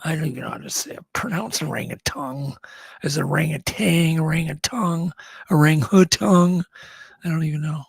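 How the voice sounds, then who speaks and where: Man, podcast co-host, gravelly husky voice, rambling chatty news rundown. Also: fairly high pitch, fast talker, no room sound. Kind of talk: casual chat.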